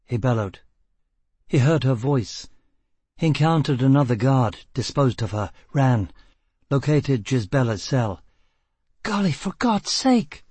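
A man reads a tense novel aloud in a steady narrator's manner. His voice is husky and mid-pitched. The sound is dry and close to the mic. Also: unhurried, no echo. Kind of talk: audiobook narration.

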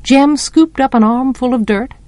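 A woman reading a novel aloud as an audiobook narrator, measured and expressive. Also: high-pitched, no room sound. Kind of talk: storybook narration.

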